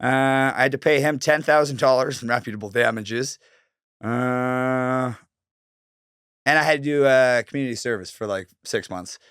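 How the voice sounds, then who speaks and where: A young man tells a story loosely and animatedly, swearing freely and slipping into the voices of the people he quotes. His voice sits at an ordinary middle pitch. The recording is dry and close. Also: normal speed, a bit bright, clean tone, no room sound. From Canada. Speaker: guest telling his life story. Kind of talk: casual storytelling.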